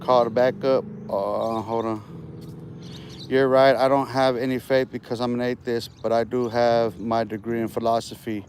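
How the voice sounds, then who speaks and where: A man's voice: medium pitch, level tone, normal speed, a little mellow, a little hiss or hum. A man livestreaming outdoors in a park while walking, talking casual street slang and boasting with profanity.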